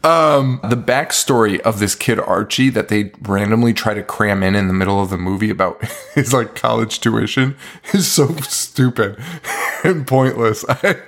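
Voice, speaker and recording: A man's voice: lowish voice, measured pace, fairly bright tone. A man co-hosting a podcast, recapping a bad horror movie in casual chat, swearing freely and laughing often. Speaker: podcast co-host.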